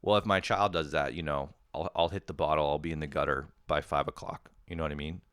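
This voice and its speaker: A man hosting a podcast, rambling through a self-mocking comedic monologue, swearing often and breaking into sudden loud animated bursts. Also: rumbling low, fast, clean tone, dry recording, clean studio sound. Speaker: podcast host.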